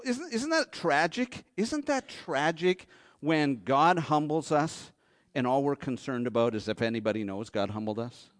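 A man preaching a sermon with real animation. He acts out Bible characters in high, excited voices, then drops to a low hush to drive a point home. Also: normal speed. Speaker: pastor.

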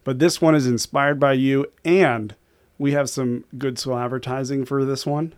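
A man's voice: mid-range voice, fairly even intonation, moderate pace, a little hiss or hum. Rambling, chuckling male podcast host. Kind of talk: casual beer podcast chat.

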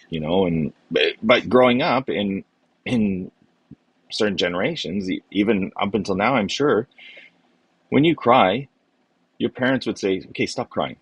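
Male podcast host, very low and husky, earnest and rambling. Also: a bit bright, no room sound. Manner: earnest, rambling with many restarts. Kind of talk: podcast conversation.

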